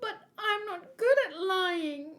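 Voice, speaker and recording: Timid high-voiced mermaid princess, put on by a woman reader, gentle, soft and hesitant. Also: slow, exaggerated voice. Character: shy, gentle giant young mermaid princess.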